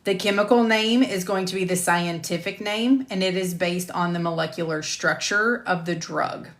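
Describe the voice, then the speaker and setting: On a live stream, a middle-aged woman who teaches medical coding reads lecture slides with a careful, measured instructor's rhythm, her lowish voice fairly bright and tinged with a light Southern US accent. When she's between takes, she chats casually, laughing and poking fun at herself.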